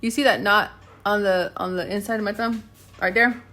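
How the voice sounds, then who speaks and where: A chatty young woman talks straight to camera from her house, rambling from one thought to the next and laughing along the way. Her voice is bright and clear at a middle pitch. A faint hum of room noise sits behind her. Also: fairly even intonation, normal speed. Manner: chatty, laughs often, talks to her dogs mid-sentence. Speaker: vlogger. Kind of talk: casual rambling vlog chat. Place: home, indoors.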